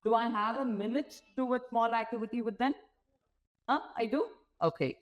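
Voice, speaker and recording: A woman's voice: on the high side, normal speed, dull audio. A woman giving an interactive motivational talk to nurses from a stage, often asking the audience questions. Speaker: guest speaker. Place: symposium stage before an audience.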